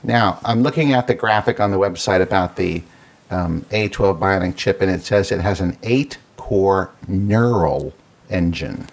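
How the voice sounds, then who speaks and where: A man's voice: deep voice, unhurried. A man co-hosting a casual tech chat, explaining details and reading them out. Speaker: podcast co-host.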